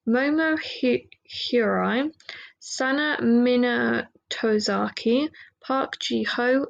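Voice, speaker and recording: A woman's voice: a little high, gravelly, muffled recording. A woman with an English accent hosting a solo podcast, chatting casually in a rambling, self-deprecating way with lots of fillers. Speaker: podcast host.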